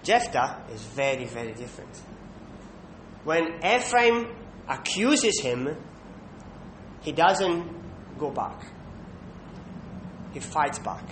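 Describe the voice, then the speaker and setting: A man preaching a sermon, emphatic, pausing to check in with listeners with a questioning "hmm". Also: sing-song, fairly bright tone. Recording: echoey room with faint rumble.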